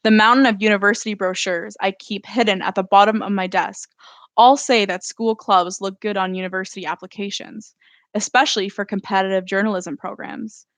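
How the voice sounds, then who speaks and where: A woman reads her own novel aloud in an even, steady first-person narration. Her voice sits at a middle pitch, and it is recorded close and dry, as on a live stream from home. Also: fairly quick, no room sound. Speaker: author.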